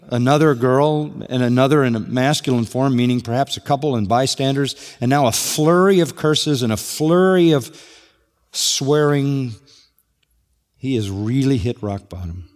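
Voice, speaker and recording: A man's voice: medium pitch, moderate pace, a little mellow. A man preaching a sermon, walking through a passage verse by verse with rhetorical questions. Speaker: pastor. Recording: long hall reverb.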